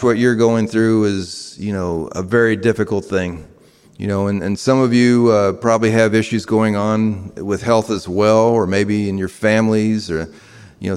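Preaching before listeners in a big hall with long reverb, this pastor from the American South sounds conversational, often using fillers and starting over. His voice sits on the low side with a darkish tone.

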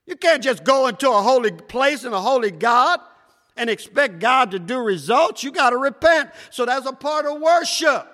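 A man preaching a sermon, shouting at times and swinging between loud and soft. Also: normal speed. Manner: preaching with shouts and wide swings in pitch and loudness. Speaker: pastor. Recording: echoey hall.

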